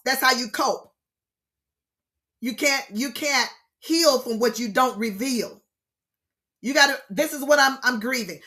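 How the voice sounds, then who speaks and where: A middle-aged woman, leading an online grief session in a lively teaching style, expressive and preacher-like, repeating her key points. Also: fairly high pitch.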